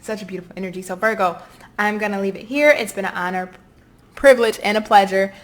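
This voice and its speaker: A woman's voice: mid-range voice, fast. A woman with a Southern US accent giving a casual, encouraging tarot reading straight to her viewers. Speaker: tarot reader.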